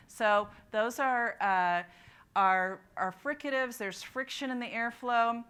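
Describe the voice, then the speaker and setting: A woman's voice: medium pitch, normal speed, sharp tone, clear, resonant tone. A woman presenting a literacy workshop at a conference, explaining speech sounds and prompting the audience to repeat them. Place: conference room.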